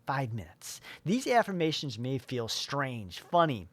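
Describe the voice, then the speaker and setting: A man in his forties or older talks as a motivational life coach, his voice sitting at an ordinary middle pitch. He rambles through his points with plenty of fillers and restarts. The sound is dry and close, with no room around it. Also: very animated, normal speed, hardly any pauses, no room sound. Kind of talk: motivational talk.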